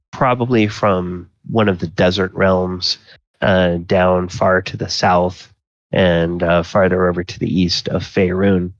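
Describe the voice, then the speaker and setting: A man running a tabletop game as dungeon master, narrating slowly with many ums and uhs. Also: sits low, dry recording, highs cut off. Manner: slow, filler-heavy descriptive narration.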